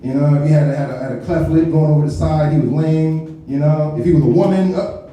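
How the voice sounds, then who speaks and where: A male comedian works a club stage, swearing freely and slipping into mock voices as he riffs. His voice sits a little high but has a mellow, dark tone. He is picked up from a distance, and a big echoing room rings behind every line. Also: quick pace. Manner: loose, swearing, slangy storytelling with mock impressions. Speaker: stand-up comedian. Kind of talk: live stand-up set. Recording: echoey venue picked up from a distance.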